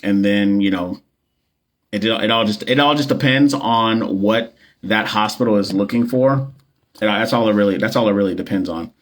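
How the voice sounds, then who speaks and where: A man's voice: fairly low pitch, normal speed. A man who works as a nurse and coach, chatting loosely with viewers on a phone livestream, full of slang, jokes and fillers. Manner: loose, slangy and joking, with many fillers and repeats. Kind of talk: casual livestream chat with viewers.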